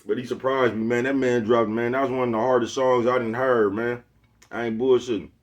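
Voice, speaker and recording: A man's voice: medium pitch, fairly even intonation, brisk, highs cut off. A man from Oakland, talking casually to his phone camera, rambling in slang and asking "you know what I'm talking about" again and again. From Oakland, California. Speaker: vlogger. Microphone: phone with Bluetooth earpiece.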